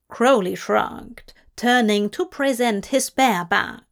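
A woman narrating fan fiction as an audiobook reading, measured and deliberate. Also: medium pitch.

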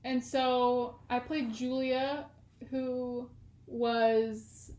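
A woman's voice: on the high side, flat delivery, very slow, darkish tone, reverberant. A young woman in her twenties from California, co-hosting a podcast in a casual, rambling chat full of fillers and laughs. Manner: chatty and rambling, many "like" fillers, laughs often. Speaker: podcast co-host.

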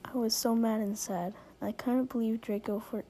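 A woman's voice: on the high side, steady tone, moderate pace, mellow. A young woman reading fan fiction aloud with giggly, dramatic line readings. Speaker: reader.

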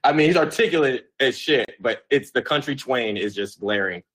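A man with a mid-range voice co-hosts a sports podcast. He talks in an easy, agreeable way, often answering with short affirmations and relaxed comments. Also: mid-range voice, moderate pace. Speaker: podcast co-host. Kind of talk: casual sports chat.

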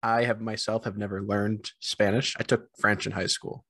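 A man co-hosting a casual podcast, rambling in a self-deprecating way with animated bursts. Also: on the low side, normal speed, dry recording. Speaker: podcast co-host.

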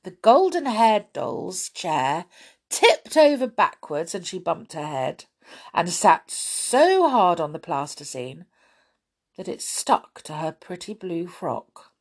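A woman reading a children's story aloud, expressive and deliberate. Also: on the low side. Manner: expressive, lively, slow and deliberate.

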